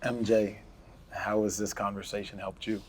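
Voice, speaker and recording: A man hosting a panel discussion, asking questions in a measured, deliberate way. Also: lowish voice, flat delivery, a little hiss or hum. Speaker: host.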